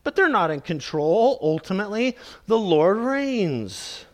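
A man preaching a sermon, slow and emphatic, repeating key phrases and calling his listeners "beloved". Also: high-pitched, big pitch swings.

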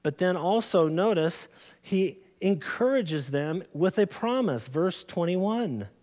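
A man preaching a sermon as pastor, earnest and deliberate, often calling his listeners beloved, in a large church sanctuary. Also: high voice, lively intonation, a little mellow, in a large hall. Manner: slow, earnest preaching with drawn-out emphasis.

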